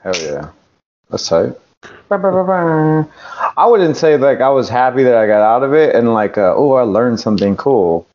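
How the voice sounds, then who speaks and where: A man from California tells a wrestling story in a casual, swearing, rambling way, slipping into the voices of the people he quotes. His pitch sits in the middle range. The recording sounds dull and lo-fi. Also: big pitch swings, moderate pace, a little mellow, soft background music. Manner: profane, rambling, acts out quotes. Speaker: podcast guest, pro wrestler.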